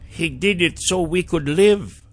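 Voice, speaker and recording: A man's voice: high-pitched, slow pace, creaky, a bit bright, soft background music, voice pushed up, full character voice. A male narrator voicing a weary older man who leans on his staff and sighs as he speaks. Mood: somber. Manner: sighing, grimacing.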